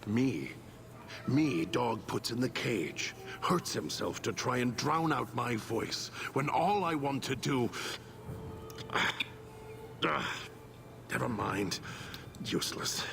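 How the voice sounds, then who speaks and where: An actor playing a bitter, hateful male super mutant alter ego in a video game, slow and seething, dropping into rasping whispers. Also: mid-range voice, expressive, over music. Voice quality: gravelly, slow and brooding. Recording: clear background noise in game audio.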